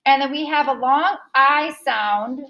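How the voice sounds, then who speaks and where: A woman's voice: high voice, measured pace, bright, forceful tone, a little hiss or hum, rough recording. A woman teaching a recorded phonics lesson, patiently modeling sounds and asking the listener to repeat after her.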